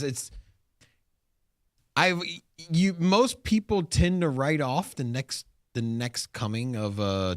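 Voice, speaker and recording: A man co-hosting a casual crypto talk show, animated and rambling with restarts and fillers. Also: medium pitch, dry recording, studio quality. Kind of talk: casual chat.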